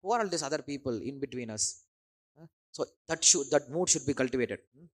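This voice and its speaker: A man's voice: mid-range voice, lively intonation, fairly quick. A man preaching a sermon, often repeating phrases and checking in with his listeners. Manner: questioning the audience with tag words like "huh?".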